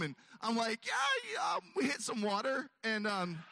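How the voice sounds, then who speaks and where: A man's voice: sits high, very animated, moderate pace, pushed and bright. A man telling a long self-mocking story on stage, acting out his own voice and others' as he goes. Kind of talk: stand-up storytelling.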